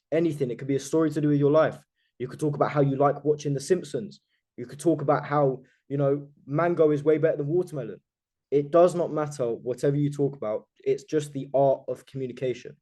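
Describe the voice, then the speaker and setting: A man's voice: medium pitch, fairly quick, warm tone. A man coaching a group on a video call, talking emphatically and with total self-assurance, swearing casually.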